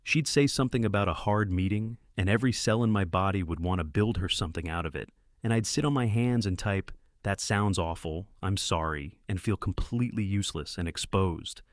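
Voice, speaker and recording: A man narrating a first-person story in a measured, plain way. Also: fairly low pitch, no room sound, studio quality.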